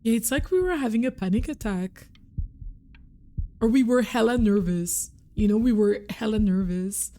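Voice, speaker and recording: A woman's voice: a little high, expressive, moderate pace, warm tone, a little hiss or hum. Chatty bilingual streamer woman. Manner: chatty, switches between French and English, reacts to the game. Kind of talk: casual livestream commentary. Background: game music.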